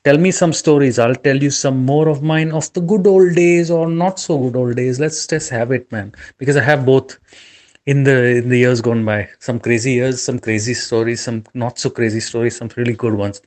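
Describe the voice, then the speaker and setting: A middle-aged man in a mid-pitched voice chats over drinks, a little tipsy. He rambles loosely, with restarts and friendly asides. The tone is easygoing and affectionate. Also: fairly even intonation, normal speed, darkish tone. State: a bit tipsy. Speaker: podcast co-host. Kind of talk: casual chat over drinks.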